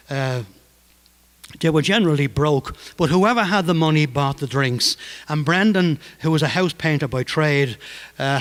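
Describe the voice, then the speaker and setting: Older man telling stories. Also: on the high side. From Ireland, Dublin. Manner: humorous, lively. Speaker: storyteller. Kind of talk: anecdotal storytelling.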